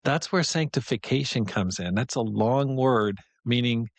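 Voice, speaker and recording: A man's voice: medium pitch, dry recording. Earnest man giving a dry, close devotional talk. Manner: earnest, conversational, warmly encouraging. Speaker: podcast host. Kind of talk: devotional podcast teaching.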